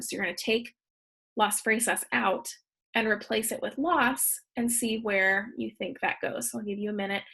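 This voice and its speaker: A woman's voice: fairly high pitch, a bit bright, breathy edge. A woman, a Spanish teacher, explaining grammar patiently step by step in a recorded slideshow lesson.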